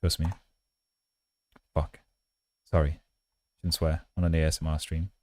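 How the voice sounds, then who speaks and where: Low-voiced man chatting on a coding stream. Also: little pitch movement, measured pace, a little mellow, no echo. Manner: chatty and self-mocking, reads chat aloud; holds mic close in a mock ASMR voice. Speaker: coding livestream host. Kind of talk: casual livestream chat while coding. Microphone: handheld mic held close.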